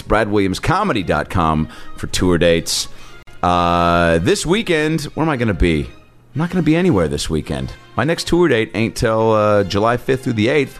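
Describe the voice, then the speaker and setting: A man hosting a podcast, talking loosely and jokily with lots of fillers and the odd swear word. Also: on the low side. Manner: swears casually, jokey. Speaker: podcast host. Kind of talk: casual podcast intro.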